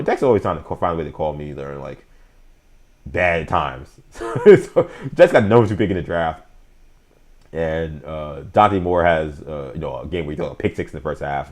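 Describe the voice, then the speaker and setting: Low-voiced man hosting sports talk. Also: creaky. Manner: opinionated, talks straight to chat viewers; frequent fillers and restarts, slangy. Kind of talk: casual live-stream sports talk.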